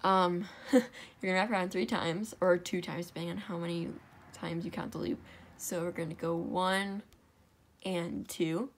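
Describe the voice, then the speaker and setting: Young adult woman hosting a home craft tutorial; relaxed, chatty, fixes her slips aloud. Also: on the low side, normal speed. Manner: chatty, self-correcting, talks while working. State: out of breath. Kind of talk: casual step-by-step craft tutorial.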